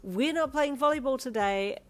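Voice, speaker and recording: Brief: woman reading as a young caretaker coaxing kids, lively rising voice. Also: on the high side, moderate pace, pitched above the performer's own voice, close to an everyday voice. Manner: calling out, coaxing. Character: young woman minding children, harried.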